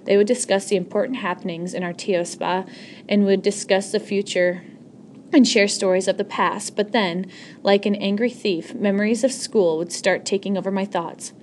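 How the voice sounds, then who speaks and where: Brief: woman, middle pitch, earnest novel reading, frequent slips and restarts. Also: fairly even intonation, moderate pace, darkish tone, a little hiss or hum. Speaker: audiobook reader.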